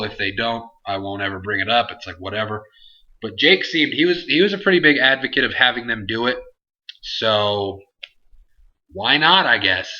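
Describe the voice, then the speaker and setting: A man's voice: medium pitch, bright, forceful tone, highs cut off. A man hosting a casual Q&A vlog, answering viewer questions in a rambling, self-interrupting way. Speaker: host.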